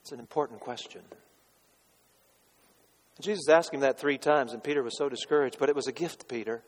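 In a church sanctuary, a male pastor preaches a little fast in a mid-range voice, with long reverb trailing through the hall. His delivery is dramatic, swinging from loud declarations to hushed rhetorical questions aimed at the congregation.

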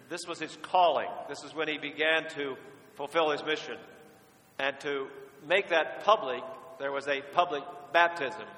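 A man's voice: mid-range voice, sharp tone. A man preaching a sermon as pastor, speaking conversationally and turning straight to his listeners. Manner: conversational, addresses listeners directly. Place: church sanctuary. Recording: echoey church, long reverb.

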